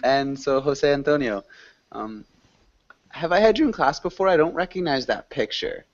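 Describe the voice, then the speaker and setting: A man's voice: on the high side, normal speed, no room sound, lo-fi sound. A man teaching an online English class, chatting casually with students and rambling through fillers. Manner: relaxed, rambling, many fillers.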